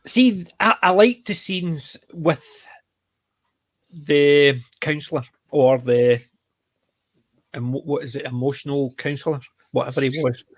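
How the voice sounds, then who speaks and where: A man with a Scottish accent, co-hosting a casual podcast chat and retelling scenes with lively energy. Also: on the high side, measured pace, dry recording. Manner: chatty, animated retellings of scenes. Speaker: podcast co-host.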